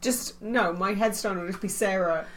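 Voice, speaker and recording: A woman's voice: mid-range voice, animated, moderate pace, fairly bright tone. A woman in her thirties co-hosting a podcast, chatting casually with sweary, laughing banter. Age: 30s. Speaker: podcast co-host. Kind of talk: casual chat.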